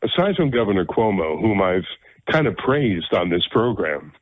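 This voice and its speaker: A man's voice: fairly low pitch, sing-song, moderate pace. A man hosting a talk radio show, delivering an opinionated monologue in a blunt, emphatic way and repeating phrases for effect. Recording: dry, narrow phone-like radio audio.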